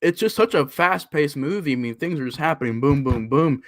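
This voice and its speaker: Animated man acting out movie scenes. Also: fairly quick, dry recording, clean studio sound. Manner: animated, acts out scenes in jumpy higher voices. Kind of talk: casual movie review chat.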